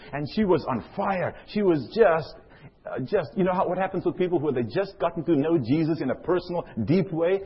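A man's voice: fairly high pitch, breathy edge, lo-fi sound. A middle-aged man from Africa, preaching a sermon and telling a personal story, often putting questions to the audience. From South Africa.

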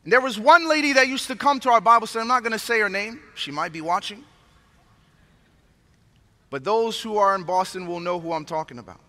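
A man preaching a sermon to a congregation, moving from a hushed prayer to animated storytelling. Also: high-pitched, a little fast. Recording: long hall reverb.

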